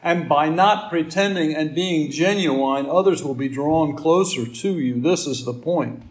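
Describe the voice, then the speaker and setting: A man's voice: a little high, measured pace. A middle-aged man giving a conversational sermon, folksy and rambling, with asides and fillers. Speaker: preacher.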